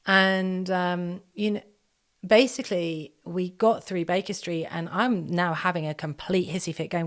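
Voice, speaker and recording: A woman telling a personal story as a podcast guest, lively and quick, acting out the voices of people she quotes. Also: lowish voice. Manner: animated, acts out quoted dialogue in quick bursts. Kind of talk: storytelling in conversation.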